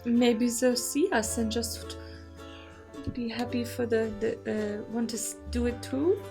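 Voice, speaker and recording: A woman's voice: fairly high pitch, fairly even intonation, unhurried, creaky, music in the background. A woman playing a tabletop game, wry and teasing. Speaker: player. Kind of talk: in-character tabletop role-play.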